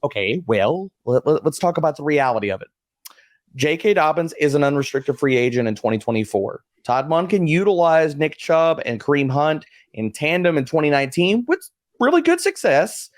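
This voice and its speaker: A man's voice: on the high side, lively intonation, a little fast, no echo, studio quality. A man working as a fantasy football analyst who argues his pick in a playful, provocative way during a panel draft discussion.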